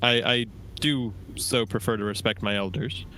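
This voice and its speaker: A man's voice: fairly low pitch, steady tone, normal speed, sharp tone, slight background noise, rough recording. A man voicing a prim, courteous young girl in a tabletop game.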